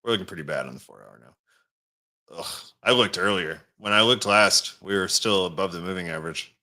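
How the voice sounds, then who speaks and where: A man with a bright, forceful voice hosts a casual livestream. He rambles loosely as he works through an app on screen. He stops now and then to greet viewers in the chat. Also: sits low, moderate pace. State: has the hiccups. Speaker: crypto livestream host.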